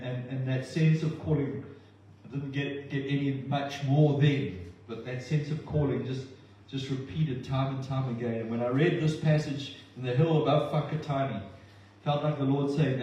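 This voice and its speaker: A man preaching a sermon, impassioned and at times halting and emotional. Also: medium pitch, steady tone, warm tone. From not from New Zealand. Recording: echoey hall, distant mic, dull sound.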